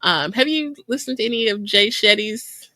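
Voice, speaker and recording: A woman co-hosting a podcast in casual chat, talkative and quick to laugh. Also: fairly high pitch, animated, sharp tone, no room sound. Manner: chatty, laughs often, quick asides. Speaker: podcast co-host.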